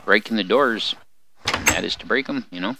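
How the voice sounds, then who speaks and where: A man's voice: fairly low pitch, normal speed. An older man hosting a let's play, giving rambling, folksy gameplay commentary and chatting to his in-game animals. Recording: noisy home recording with mouse clicks.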